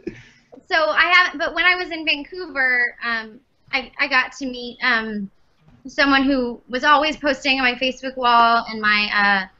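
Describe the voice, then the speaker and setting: A woman's voice: high-pitched, normal speed, pushed and bright, highs cut off. A woman voice actress chatting as a podcast guest, rambling with lots of fillers. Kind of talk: casual podcast chat.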